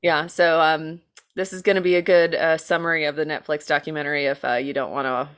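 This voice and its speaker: Chatty American woman with a lowish voice. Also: level tone, a little fast, clear, resonant tone. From United States. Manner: chatty, filler-heavy, self-deprecating, swears casually. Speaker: podcast co-host telling a true-crime case. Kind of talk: casual chat.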